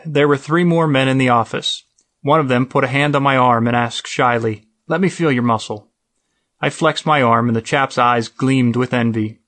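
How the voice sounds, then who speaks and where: A man narrates a first-person essay aloud. His delivery is dry and wry, with a steady, mid-pitched voice. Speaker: audiobook narrator. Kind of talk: scripted narration.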